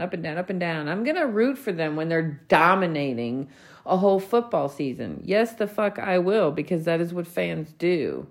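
Lady in her 40s ranting on her podcast, cussing a lot, real heated and blunt. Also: on the low side. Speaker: podcast host. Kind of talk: solo podcast rant.

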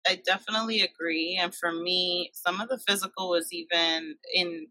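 A woman's voice: fairly low pitch, steady tone, moderate pace, bright, forceful tone, no room sound, poor audio. A woman in her thirties hosting a podcast, talking in a reflective, thoughtful way. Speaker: podcast host. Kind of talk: casual conversation.

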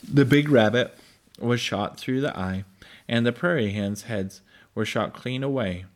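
A man reading a chapter book aloud to his children at bedtime, unhurried, with occasional slips and restarts. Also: mid-range voice.

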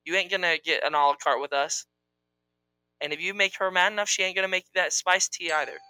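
A man's voice: high voice, fairly even intonation, brisk, over music, low-quality recording. A man co-hosting a podcast in casual chat, with a playful, teasing way of talking. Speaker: podcast co-host.

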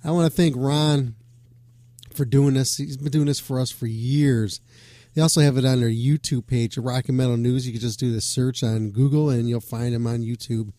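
A man's voice: medium pitch, steady tone, moderate pace, warm tone, no room sound, studio quality. A man hosting a rock radio show, talking casually with loose jokes and swearing. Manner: loose, swearing, joking asides. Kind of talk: casual rambling radio talk.

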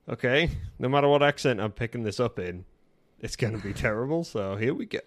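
Man, mid pitch with lively swings, sarcastic and teasing, casual game chat. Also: normal speed. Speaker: game player.

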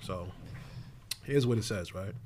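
A man's voice: fairly low pitch, unhurried, darkish tone, a little hiss or hum. A young man co-hosting a podcast, talking in a laid-back, slangy way with lots of fillers. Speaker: podcast co-host. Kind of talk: casual chat.

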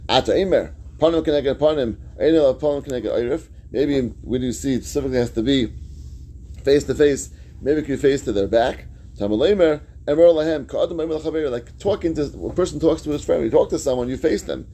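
A man's voice: mid-range voice, a little fast, dark tone. A man teaching a Talmud class, reading each phrase of the text and then explaining it in plain words.

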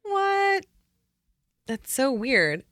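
A woman's voice: sits high, big pitch swings, a bit bright, dry recording, studio quality. A young woman co-hosting a casual chat, playful and joking in her replies. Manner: playful, joking, quick laughs. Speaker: podcast co-host.

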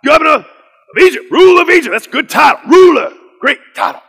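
A man voicing a fiery preacher who shouts at a room of children in an emphatic, repetitive sermon style. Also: sing-song, quick pace, gravelly, long reverb tail, full character voice. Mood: rousing. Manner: booming, emphatic, repeats phrases.

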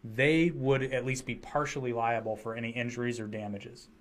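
An American man hosts a casual podcast chat, voicing opinions in a rambling, restless way. His voice sits at an everyday middle pitch, and he keeps circling back to restart his sentences. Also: steady tone, moderate pace, slight background noise. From United States. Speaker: podcast host.

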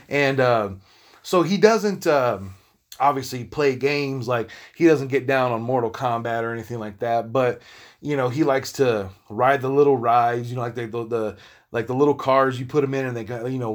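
A man talking casually to his viewers in a rambling, profane, laid-back monologue. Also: medium pitch. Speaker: vlogger.

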